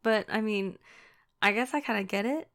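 A woman's voice: medium pitch, normal speed, a bit bright. A young woman in a teasing intimate audio role-play, speaking in a put-on Valley Girl voice as a playful girlfriend.

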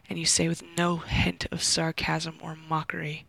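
Gravelly-voiced woman narrating intimately. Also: low-pitched, monotone, normal speed, few pauses, no room sound, low-quality recording. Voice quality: heavy vocal fry. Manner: intimate, slipping into soft whispers. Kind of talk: first-person erotic audio story narration.

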